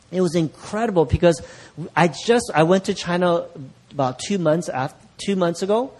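A man's voice: a little high, a little mellow. A middle-aged man preaching as pastor, telling a story and acting out the voices of people he quotes, often laughing. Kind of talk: sermon storytelling.

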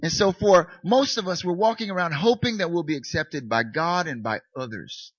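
A man's voice: on the high side, normal speed, a bit bright, breathy edge, no echo. A male pastor preaching a sermon in a candid, self-mocking, conversational way, heard in a dull, dry recording.

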